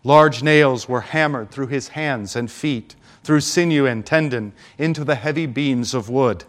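A man preaching a Good Friday homily with solemn, deliberate delivery and dramatic pauses. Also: mid-range voice.

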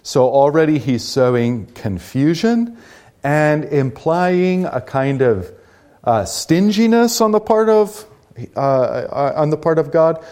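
A man's voice: on the high side, warm tone. A man leading a Bible study class, explaining scripture conversationally and asking rhetorical questions.

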